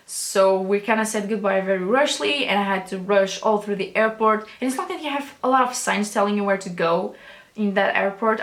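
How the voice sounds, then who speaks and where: A woman's voice: mid-range voice, a bit bright, echoey room. A young woman vlogger telling a storytime in a rambling, chatty way, with casual swearing and many restarts. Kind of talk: storytime vlog.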